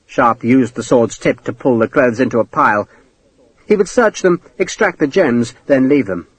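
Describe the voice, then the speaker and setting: Expressive male audiobook narrator. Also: mid-range voice, normal speed, slightly rough, no room sound, rough recording. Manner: dramatic, expressive reading. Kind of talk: scripted narration.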